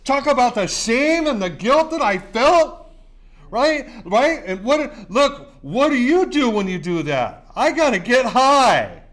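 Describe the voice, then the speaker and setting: A man's voice: very high voice, very animated, takes it slowly. A middle-aged man, sharing his recovery story at a meeting in an intense, profane, repetitive way. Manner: intense, profane, repeats himself. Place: recovery center meeting room.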